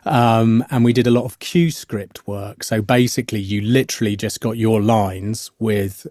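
A middle-aged man with a low voice talks through his acting training as a podcast guest. He is thoughtful and hedging, full of "um" and "you know" as he works out his points. The sound is dry and close. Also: steady tone, moderate pace, darkish tone, dry recording. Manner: thoughtful, many fillers and restarts. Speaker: actor guest. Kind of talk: podcast interview.

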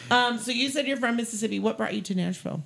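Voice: medium pitch, fast, gravelly, a bit bright. A podcast host from Tennessee chatting casually with a guest and cracking teasing jokes. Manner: joking, chatty, teasing asides. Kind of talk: casual interview chat.

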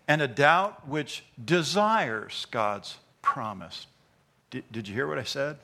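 Impassioned, bright-voiced preacher man. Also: mid-range voice, sing-song, slow pace. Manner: impassioned, swings from loud emphasis to hushed asides, stammering repeats. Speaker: pastor. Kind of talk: sermon. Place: church.

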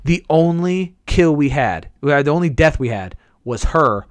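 A man in his twenties chatting casually, telling rambling profane stories and jumping into high squeaky impressions. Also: animated, a little slow, no echo. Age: 20s. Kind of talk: casual chat.

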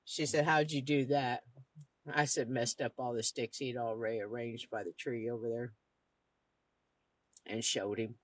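A woman with a bass voice talks a little slowly and pauses often, recorded dry. As a podcast host, she spins a long, casual story full of swearing and bluntness, animatedly quoting what the other people said.

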